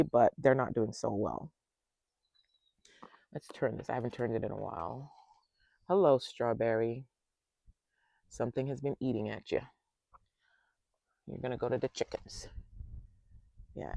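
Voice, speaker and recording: Guy with a gravelly voice chatting thru his backyard garden tour, talking right to viewers, dry close sound. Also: mid-range voice, darkish tone, dry recording. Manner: chatty, talks straight to viewers and thinks aloud. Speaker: home gardener giving a tour. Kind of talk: casual garden tour vlog.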